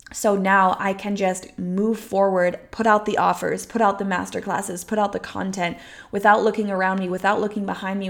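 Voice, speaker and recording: A woman coach talks alone on her own podcast in a loose, emphatic way. Her voice sits at an ordinary middle pitch, and she often drops in sighs, swear words and quick asides. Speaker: podcast host and womb-healing coach. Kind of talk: casual solo podcast monologue.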